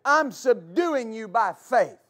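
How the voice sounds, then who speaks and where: A fervent male pastor preaching with a notably high-pitched voice. He repeats his key phrases, stumbles into quick restarts, and calls for answers from the congregation. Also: sing-song, fairly bright tone. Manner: call-and-response with congregation. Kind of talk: preaching a sermon.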